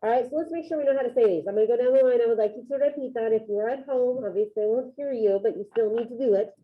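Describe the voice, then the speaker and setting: A woman's voice: on the high side, very fast. A woman teaching a Spanish class over a video call, upbeat and encouraging as she calls on students by name. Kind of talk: online classroom lesson. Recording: tinny phone-like video call audio.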